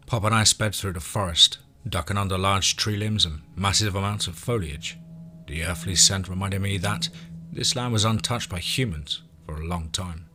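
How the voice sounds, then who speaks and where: A man narrating an audio story in a measured, steady storytelling voice. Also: low-pitched.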